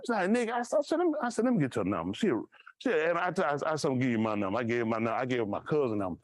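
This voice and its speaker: Animated man telling stories in a sermon. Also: medium pitch, rapid-fire, dry recording. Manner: animated, acts out voices in his stories. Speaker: pastor. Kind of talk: casual storytelling sermon.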